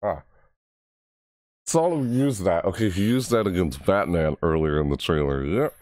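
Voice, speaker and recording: A man hosting a casual reaction video, rambling excitedly about a game trailer. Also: normal speed, no echo, studio quality. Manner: excitable, rambling, mimics game voices in high yelps.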